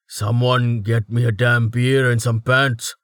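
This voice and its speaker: A man voicing a gruff, crude male brawler with a hoarse, rasping voice and a blunt, swearing manner. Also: mid-range voice, flat delivery, slow, a bit bright, no echo, clean studio sound. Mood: grumbling.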